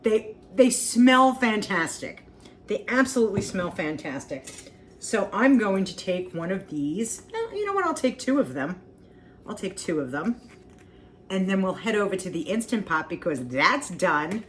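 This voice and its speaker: A woman's voice: lowish voice, lively intonation, moderate pace, a little hiss or hum. A woman hosting a casual cooking vlog, homey and talkative, repeating herself and humming as she tastes. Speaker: cooking vlogger.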